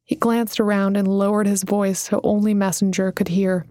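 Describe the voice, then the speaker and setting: A woman reads a novel aloud in a gentle, even way at a slow, unhurried pace. Her mid-pitched voice sounds close and dry, like a quiet studio booth. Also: dry recording. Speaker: audiobook narrator. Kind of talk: scripted narration.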